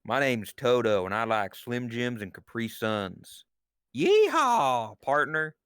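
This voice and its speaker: A man hams up a chirpy young cowgirl with a thick, put-on Southern drawl, stretching every word out slowly. The voice sits close and dry, with no room sound around it. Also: medium pitch, very animated, fairly bright tone, clear, resonant tone, dry recording, heavily acted. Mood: hokey. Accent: American Southern, put on. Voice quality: slow drawling twang.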